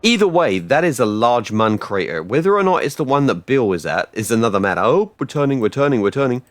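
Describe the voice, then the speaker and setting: A man chats loosely while streaming a space game, his voice swinging up and down with animation. He rambles between topics and breaks into loud excited outbursts. The sound is dry and close, with no room around it. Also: medium pitch, a little fast, dry recording. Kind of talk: casual live-stream chat while gaming.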